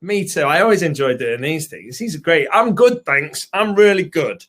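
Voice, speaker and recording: A man's voice: on the high side, animated, normal speed, a bit bright. A British man co-hosting a live webinar, chatty and rambling as he greets viewers by name. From United Kingdom. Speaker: co-host and co-founder.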